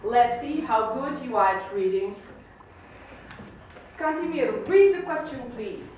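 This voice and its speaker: A woman's voice: fairly high pitch, expressive, slow pace, darkish tone, a little hiss or hum. A woman teaching an English lesson to a class, patient and encouraging, explaining with lots of questions. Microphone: camera mic from across the room. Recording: echoey classroom from far off.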